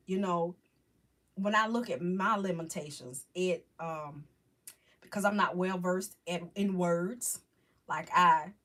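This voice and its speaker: A woman hosting a casual live chat with viewers, talking about faith in a halting, rambling, heartfelt way. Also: on the low side, fairly bright tone. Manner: halting, rambling, restarts often. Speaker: livestream host chatting with viewers.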